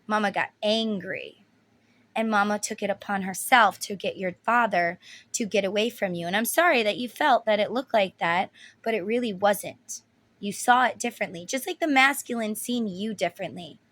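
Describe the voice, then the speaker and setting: A woman in her thirties speaks bluntly in a casual tarot reading. She gets emotional and swears freely. Her voice has a bright, sharp edge. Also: mid-range voice, normal speed. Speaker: tarot reader.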